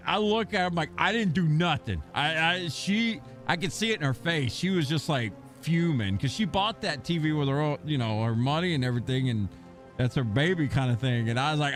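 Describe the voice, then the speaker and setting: Chatty man streaming, slightly high voice. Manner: animated storyteller, coos softly at his dog. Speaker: gaming streamer. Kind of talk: casual livestream chat.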